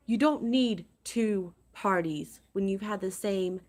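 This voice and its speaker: Upset woman ranting on her vlog, slow and halting, keeps repeating herself. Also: medium pitch, a little mellow. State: upset and agitated. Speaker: crafting vlogger. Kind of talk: casual vlog rant to viewers.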